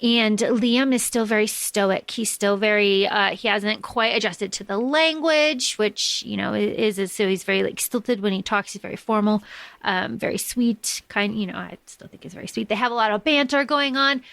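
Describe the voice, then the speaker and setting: A woman's voice: mid-range voice, moderate pace, creaky, dry recording. A woman co-hosting a podcast, casually recapping a book with lots of fillers like "like" and "uh". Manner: relaxed, filler-heavy, recaps plot. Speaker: podcast co-host.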